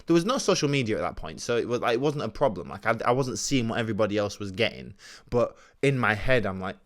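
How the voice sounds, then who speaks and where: A man, telling a rambling, jokey personal story on his solo podcast, swinging from loud outbursts to mumbles. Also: lowish voice, expressive, fast. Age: 20s. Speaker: podcast host.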